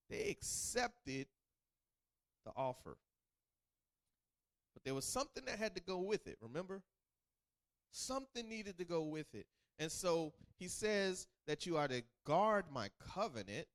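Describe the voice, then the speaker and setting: A man teaching a bible lesson as a sermon, asking the listeners questions and acting out the people he quotes. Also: high-pitched. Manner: animated, call-and-response questions, acts out quotes.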